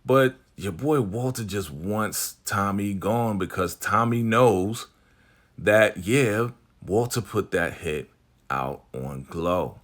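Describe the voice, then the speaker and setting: Deep-voiced man recapping a TV episode. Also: expressive, slow pace. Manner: slangy, laid-back, acts out the characters' lines. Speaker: TV recap host.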